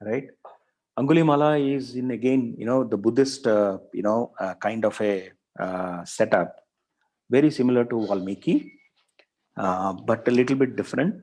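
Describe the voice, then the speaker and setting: A man's voice: medium pitch, normal speed, a little mellow, poor audio. A male professor telling a story in a lecture, with many fillers and repeated words. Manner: frequent fillers, repeats words, thinks aloud.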